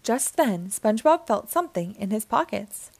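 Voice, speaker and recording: A woman narrating a children's storybook aloud, with an expressive, clear delivery. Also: mid-range voice, moderate pace, dry recording. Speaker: children's book reader.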